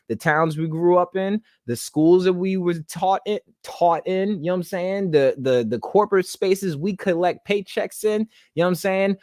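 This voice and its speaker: A young man hosts a podcast, delivering a casual, rambling monologue full of restarts while holding back tears. His voice is on the high side, at normal speed with few pauses, recorded in studio quality with no room sound.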